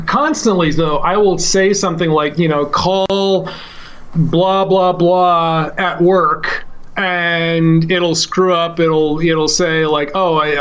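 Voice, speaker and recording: Male co-host, higher pitch, loose rambling chat with frequent laughs. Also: fairly bright tone, clean tone, lo-fi sound. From United States. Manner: chatty and rambling, laughs often. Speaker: podcast co-host. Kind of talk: casual podcast chat.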